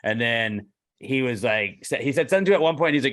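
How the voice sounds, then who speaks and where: A young man co-hosting a podcast, telling animated stories with plenty of swearing. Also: medium pitch, quick pace. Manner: animated storyteller, swears freely, acts out quoted exchanges. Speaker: podcast co-host. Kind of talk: casual podcast banter.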